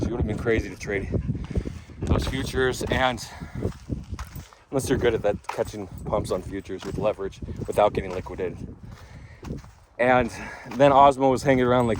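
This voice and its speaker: Man, mid pitch, chatty rambling vlogger, outdoors, faint noise behind. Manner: chatty, rambling with restarts and fillers. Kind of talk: rambling casual vlog.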